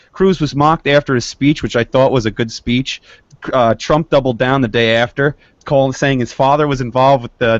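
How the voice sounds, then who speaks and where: A man's voice: mid-range voice, no room sound. Man, host, political talk, run-on bursts, dry sound, lo-fi call audio. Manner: talks in quick run-on bursts with restarts. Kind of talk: political discussion.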